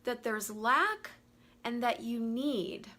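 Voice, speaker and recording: Bright-voiced animated woman hosting live. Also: on the high side, slow. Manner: animated, greets viewers by name while talking. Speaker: host of a live money talk. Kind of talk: casual live-stream talk.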